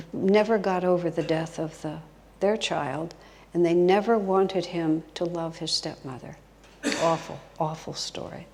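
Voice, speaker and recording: Gravelly-voiced woman giving a spiritual talk. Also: on the low side. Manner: expressive, drops to whispers for emphasis. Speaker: spiritual teacher, guest speaker. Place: retreat hall. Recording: long hall reverb.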